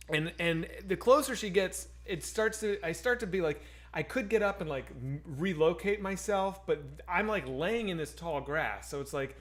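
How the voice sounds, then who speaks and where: A man co-hosting a streamed chat, telling a story in an excitable way and swearing often. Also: sits high. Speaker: stream co-host.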